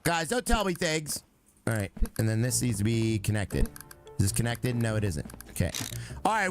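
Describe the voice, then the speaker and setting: Young male streamer, joking and chatty with his viewers, lively up-and-down delivery. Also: medium pitch, normal speed, soft background music. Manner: chatty, talks to himself and chat; joking, breaks into sung lines. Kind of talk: live game stream chat.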